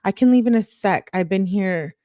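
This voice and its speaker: A woman's voice: mid-range voice, moderate pace, mellow, no echo, studio quality, close to an everyday voice. A woman reading out the texts of a laid-back, slangy teenage boyfriend in an offhand, casual way, in her own natural voice. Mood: defensive. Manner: offhand, casual read-aloud of text messages.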